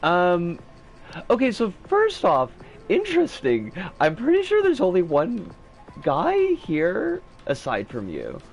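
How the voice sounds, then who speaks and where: A man's voice: high-pitched, huge pitch swings, slow pace, soft background music. A man chatting casually during a live game stream, loose and profane, often restarting his sentences.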